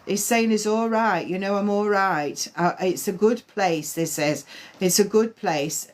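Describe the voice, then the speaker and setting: A woman medium giving live-stream spiritual readings, talking in a halting way with many fillers and restarts. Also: mid-range voice.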